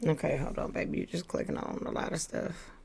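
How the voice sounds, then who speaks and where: A woman's voice: deep voice, fairly even intonation, a little fast, gravelly, darkish tone, breathy edge. A woman from Missouri co-hosting a podcast, chatting casually about wrestling with blunt, teasing opinions. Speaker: podcast co-host.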